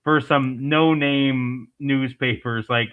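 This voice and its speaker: A man's voice: medium pitch, steady tone, slow pace. A married man co-hosting a casual movie chat, laid-back and joking. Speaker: podcast co-host. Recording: dull lo-fi sound.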